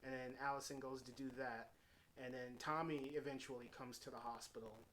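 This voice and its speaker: A man's voice: medium pitch, fairly even intonation, fairly quick, fairly bright tone, a little hiss or hum. A man giving a casual, unscripted movie review, retelling scenes in his own paraphrased quotes with plenty of fillers and restarts. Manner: rambling, heavy on fillers and restarts.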